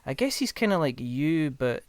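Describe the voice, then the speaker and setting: A man's voice: a little high, big pitch swings, normal speed, no echo. Chatty Scottish man hosting. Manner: rambling, with many ums and restarts. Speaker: podcast host. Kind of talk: casual interview chat.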